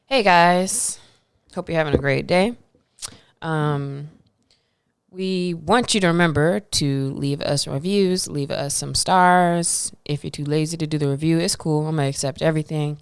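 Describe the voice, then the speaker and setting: Laid-back low-voiced woman co-host. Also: a little slow, clean tone, no echo, studio quality. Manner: laid-back, slangy, rambling with fillers. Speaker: podcast co-host. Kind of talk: casual chat.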